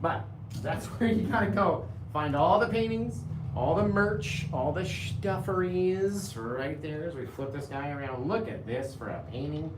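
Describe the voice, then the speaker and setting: A man's voice: fairly high pitch, measured pace, roomy sound, noisy background. A man hosting a live painting show, chatting casually with viewers, reading their comments aloud and laughing often.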